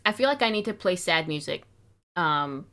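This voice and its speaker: A woman's voice: on the low side, expressive, moderate pace, sharp tone. A young woman streaming live, chatting casually and fretting aloud in a rambling, wistful way, sounding a little sick.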